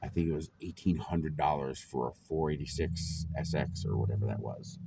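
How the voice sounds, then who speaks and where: A man's voice: very deep voice, moderate pace, gravelly, heavy background noise. A man in his forties casually telling stories about his life to camera, rambling along with lots of ums and chuckles. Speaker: vlogger.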